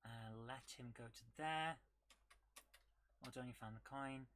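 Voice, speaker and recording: A woman talks her way through a retro game on a live stream, thinking aloud and chatting to her viewers between moves. Her voice is bright and forward, with a keen edge to it, and she breaks into little hums and sound effects as she goes. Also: a bass voice, a little slow, a little hiss or hum. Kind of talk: live gameplay commentary.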